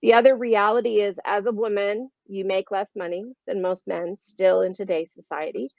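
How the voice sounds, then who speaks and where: A woman's voice: medium pitch, steady tone, moderate pace, gravelly, dry recording, muffled recording. A woman speaking frankly as a panelist in a discussion.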